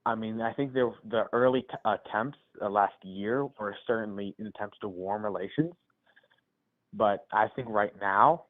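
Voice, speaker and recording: Low-voiced male caller on a tinny phone line. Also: normal speed. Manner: hesitant, restarts often.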